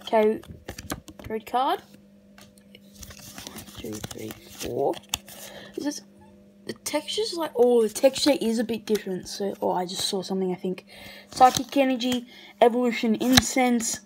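A woman opening trading card packs on camera in casual commentary, breaking into excited shrieks over good pulls. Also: a little high, a little slow, pauses often, background noise.

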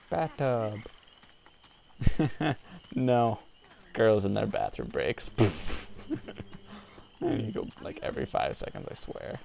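A man cracks jokes and trash-talks his way through a game in relaxed let's-play commentary. His voice is gravelly and unhurried. Game music and gunfire keep rolling behind him. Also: medium pitch. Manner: joking, trash-talking. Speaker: gameplay commentator.

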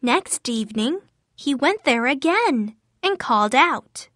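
High slow woman storyteller. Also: lively intonation, a bit bright, dry recording, studio quality. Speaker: narrator. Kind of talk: storybook reading for language learners.

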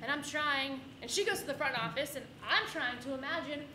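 A woman tells a comic personal story on stage, animated and quick to land punchlines. Her voice sits high, and it rings through an echoey room over constant background noise. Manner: comic, animated, with audience laughter between lines. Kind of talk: live personal storytelling performance. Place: stage before a live audience.

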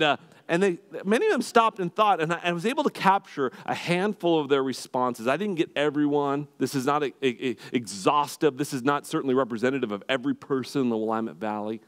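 A man preaching a sermon as pastor, earnest and emphatic. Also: mid-range voice.

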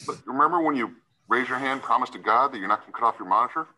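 A man's voice: mid-range voice, animated, rapid-fire, bright, forceful tone, rough recording. A man serving as a judge, sternly lecturing a defendant in a courtroom hearing and often tagging his points with "right?".

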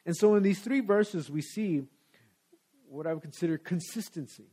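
A man's voice: sits high, normal speed, warm tone, husky. A man preaching a sermon in a church, talking in a conversational, casual way. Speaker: pastor. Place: church sanctuary.

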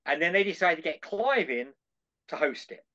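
An older man appearing as a podcast guest tells a long anecdote, animatedly acting out the dialogue in different voices. His voice sits on the high side and moves at a normal speed, heard through dull lo-fi call audio.

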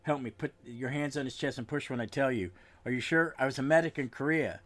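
A kindly older homeless man, a steady veteran who speaks plainly and calmly, as a podcast host reads his lines in a comic recap. The voice stays close to an everyday man's talking voice. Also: medium pitch, fairly quick, close to an everyday voice. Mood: firm.

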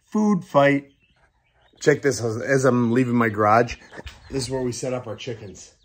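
A man walking around his farm and new food truck, chatting excitedly and then muttering quietly to himself. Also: mid-range voice, brisk, a little hiss or hum. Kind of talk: casual walk-around vlog. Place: outdoors on a farm with animals.

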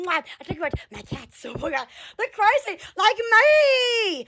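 A woman's voice: extremely high pitch, sing-song, a little slow, a bit bright, slight background noise. A woman from Alabama, chatting casually with viewers on a phone live stream, bubbly and full of exclamations and laughs. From Alabama, USA. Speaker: Instagram live streamer, store owner. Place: hot room at home.

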